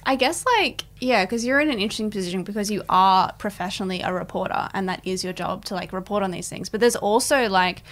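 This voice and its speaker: A woman's voice: medium pitch, fast, hardly any pauses. A woman co-hosting a podcast, reflecting thoughtfully in casual chat.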